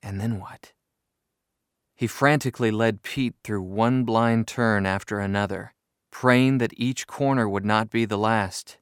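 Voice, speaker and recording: Slow, dry-voiced male storybook reader. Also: on the low side, fairly even intonation, clean tone, no echo. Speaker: reader of book excerpts. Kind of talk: storybook reading.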